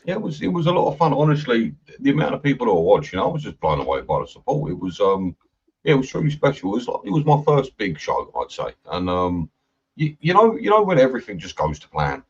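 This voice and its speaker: A man guest, excitable and rambling, repeating his words. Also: medium pitch, quick pace, vocal fry, breathy edge. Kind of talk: casual chat. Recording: muffled lo-fi mic.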